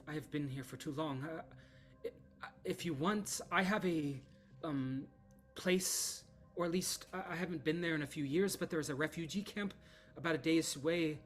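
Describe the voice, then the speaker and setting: A man's voice: fairly high pitch, unhurried, a bit bright, pitched above the performer's own voice. A man voicing an injured, frightened young woman in her early twenties who stammers and pleads. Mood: pleading.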